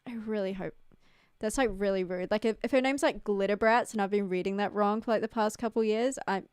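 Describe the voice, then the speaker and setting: A woman's voice: mid-range voice, fairly quick, a little mellow, clear, resonant tone, no echo, studio quality. Rambling young New woman streaming. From New Zealand. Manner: rambling, filler-heavy, giggly. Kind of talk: casual livestream chat.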